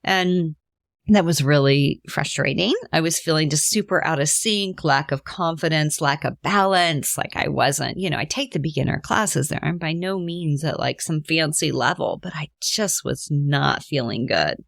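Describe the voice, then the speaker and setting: A woman's voice: sits low, moderate pace, gravelly, no echo, studio quality. A middle-aged woman hosting a podcast, telling a candid, emotional personal story with many fillers and asides. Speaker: podcast host.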